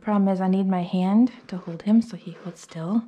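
A woman's voice: mid-range voice, fairly even intonation, normal speed, dark tone, highs cut off. A young woman grooming a dog, casually explaining her steps and cooing at the dog in between. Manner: chatty, talks baby-talk to the dog between explanations. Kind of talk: casual vlog narration while grooming. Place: grooming room with dryer and clippers running. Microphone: camera mic set up in the room. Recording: clipper and dryer noise behind the voice. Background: hair dryer and electric clippers.

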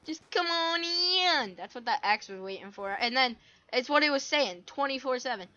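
A woman's voice: on the high side, lively intonation, fairly quick, a bit bright, dull audio. A woman giving casual, goofy commentary while playing a game, full of silly sound effects. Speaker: gamer.

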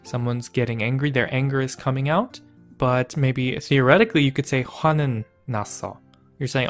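A man explains grammar points in a relaxed, playful way, poking fun at his own past mistakes. His voice sits at an ordinary middle pitch. Soft guitar music plays faintly underneath. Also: fairly quick. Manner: playful, self-mocking explainer. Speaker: language teacher. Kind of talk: casual educational video.

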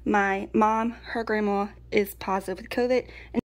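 A woman's voice: mid-range voice, fairly even intonation, normal speed. A woman, chatting casually through a food haul. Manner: chatty, folksy, laughs often. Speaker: prepping vlogger. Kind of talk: casual pantry haul chat.

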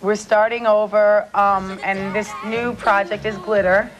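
A woman chatting as a talk show guest over a remote link. She is giggly and self-deprecating, with a voice of middling pitch for a woman. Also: flat delivery, a little slow, soft background music, low-quality recording. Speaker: celebrity guest. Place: remote link from New York.

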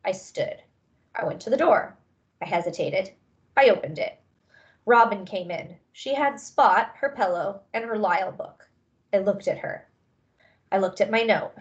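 A woman reads a children's novel aloud, calm and measured, at a middle pitch. The recording is slightly dull and lo-fi. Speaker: reader.

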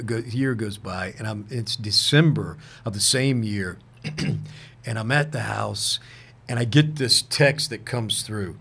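A man with a low, gravelly voice recounts stories as a guest in a relaxed interview. He talks earnestly and haltingly, restarts his sentences often, and keeps dropping a casual "man". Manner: earnest, halting, retells anecdotes with frequent restarts; peppers speech with "man". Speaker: guest actor.

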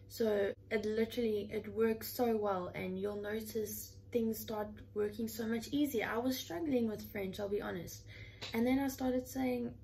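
A woman's voice: on the high side, darkish tone, a little hiss or hum, rough recording. A woman in her twenties talking in a casual, heartfelt way from her room at home, earnest and chatty, often leaning on the word "literally.". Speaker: vlogger.

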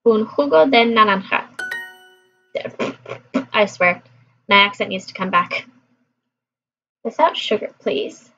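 A woman's voice: mid-range voice, animated, takes it slowly, pauses often, pushed and bright, soft background music. A woman vlogging her language practice in casual chat, repeating phrases aloud to her viewers. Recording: dull lo-fi recording.

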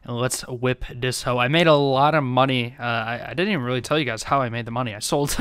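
A young man giving excitable gameplay commentary as a YouTuber, laughing often. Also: mid-range voice, fast talker, clean tone, no room sound. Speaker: gaming YouTuber. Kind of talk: gameplay commentary and role-play.

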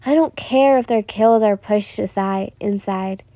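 A woman's voice: medium pitch, a little slow, dark tone, dry recording, lightly acted. A woman voicing a young boy who is eager and clingy, with a cold possessive streak. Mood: cold whisper. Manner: eager, pleading, childlike.

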